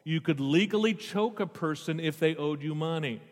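A man's voice: a little high, moderate pace. A man preaching a sermon. He reads scripture aloud, stops often to explain it and puts questions to the congregation. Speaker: pastor. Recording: long hall reverb.

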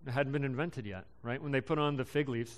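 Young man, sermon, halting with fillers, smooth resonant voice. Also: medium pitch, steady tone. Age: young adult. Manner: casual, halting delivery with many ums and restarts. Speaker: preacher.

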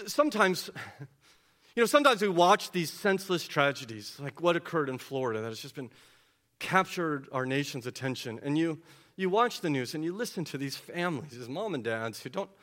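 A man preaching a sermon as pastor, asking rhetorical questions, swinging from loud peaks to low, quiet stretches, and often repeating words as he starts. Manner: repeats words when starting, quick asides.

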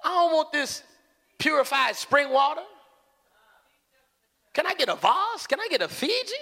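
A proud, indignant commander, as a preacher puts him on scoffs in a high, piercing voice. He rants with mocking disdain, loud and sharp. A long church reverb trails every word. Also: very animated, moderate pace, creaky, full character voice. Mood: indignant scoffing. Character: proud angry army commander, grown man, indignant.

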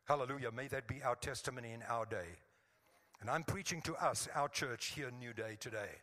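A man's voice: medium pitch, fairly quick, sharp tone. A man pastor preaching a fervent sermon to his own congregation, often checking in with the room with a call for "Amen?". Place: church sanctuary. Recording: church hall reverb.

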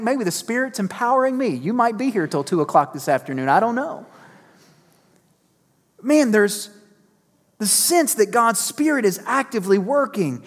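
A man preaching a sermon as pastor, energetic and emphatic, repeating key phrases and slipping in self-deprecating asides. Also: sits high. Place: church sanctuary. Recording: long reverb of a church hall.

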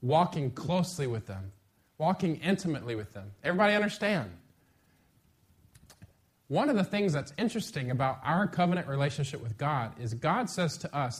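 Middle-aged guy preaching, fairly high voice, chatty and punchy, talks to the crowd like friends. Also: brisk. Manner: lively, conversational preaching with sudden bursts of emphasis. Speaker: pastor. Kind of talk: sermon.

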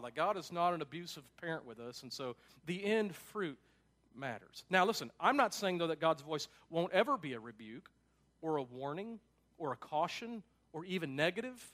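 A pastor with a notably high-pitched male voice delivers a sermon in an easygoing, conversational way. He leans hard on key points and drops in casual asides as he goes. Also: a bit bright. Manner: emphatic, casual asides with frequent "like".

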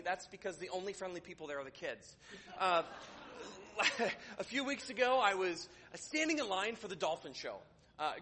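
A man's voice: sits high, pushed and bright. A man preaching a sermon in church, talking in a conversational way with dry sarcastic humor and many restarts. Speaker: pastor.

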